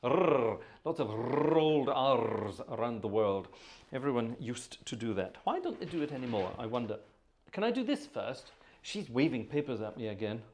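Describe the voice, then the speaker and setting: A man's voice: mid-range voice, very animated, moderate pace, a little mellow, slight background noise. A man hosting a live organ concert stream from home, chatting casually and jokily between pieces with plenty of ums. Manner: chatty, joking, rambling with many ums. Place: home with organ, family nearby.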